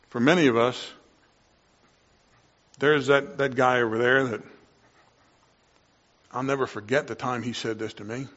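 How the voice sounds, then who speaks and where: A man preaching a sermon, moving between quiet reflection and loud, excited exclamations. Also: medium pitch, a little slow, long pauses, highs cut off. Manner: impassioned, swings from quiet to loud.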